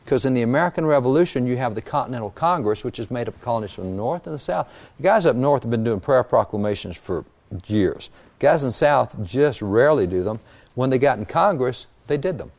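A man explaining early national history in a talk, emphatic and animated, stressing key words. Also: mid-range voice, brisk. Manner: animated storyteller, emphatic, reads quotes aloud. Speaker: history guest. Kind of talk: conversational history lecture.

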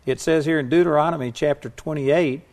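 A man's voice: on the high side, steady tone, fairly quick, a little mellow. A man co-hosting a talk show, enthusiastic and preacherly as he quotes scripture and gives his opinion. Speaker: co-host. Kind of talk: casual talk-show chat.

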